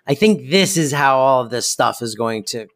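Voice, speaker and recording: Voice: medium pitch, expressive, normal speed, a bit bright. A podcast co-host in casual chat, enthusiastically praising scenes and repeating words while gushing.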